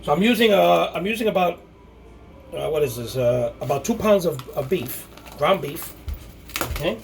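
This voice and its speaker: A man hosting a casual home cooking video, talking in a rambling, halting way with many restarts. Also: a little high, expressive, vocal fry. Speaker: cooking show host.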